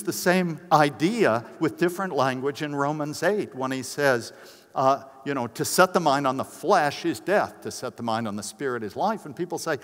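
A man's voice: animated, normal speed, fairly bright tone. An older man, a pastor, preaching a conversational sermon at a conference, telling personal stories and acting out quoted voices. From United States. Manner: conversational, acts out quoted voices with big pitch jumps. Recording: long reverb of a large hall.

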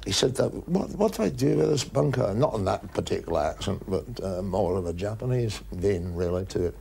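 A man playing an eccentric, boastful Scottish golf coach with a Scottish accent, rambling deadpan through his memories in a comic monologue. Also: mid-range voice, vocal fry, breathy edge, heavily acted. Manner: deadpan rambling reminiscence with dry asides.

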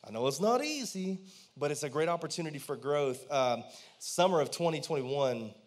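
A man's voice: fairly high pitch, animated, moderate pace. A man, preaching a conversational sermon in church and often asking the congregation questions. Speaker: pastor.

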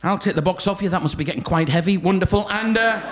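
His voice is high and the background noisy as this comedian-magician performs live stand-up on a large theatre stage. He teases a volunteer pulled from the audience with quick ribbing, and laughter from the crowd fills the recording.

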